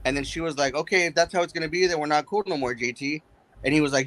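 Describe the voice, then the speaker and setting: A man's voice: on the high side, very fast, pushed and bright. A young man telling a story on a livestream chat, heated and full of swearing. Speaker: guest on a livestream. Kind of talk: casual chat.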